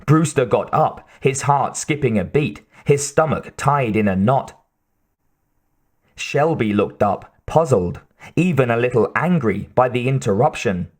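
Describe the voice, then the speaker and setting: A man narrating an audiobook in a measured, steady way. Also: medium pitch. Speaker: audiobook reader.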